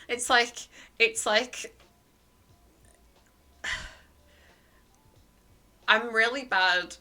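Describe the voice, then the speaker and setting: Woman, livestream chat, bright sharp tone, rambling, hesitant, lots of fillers. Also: on the low side, fairly even intonation, a little slow, long pauses. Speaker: livestreamer chatting to viewers. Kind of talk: casual stream chat.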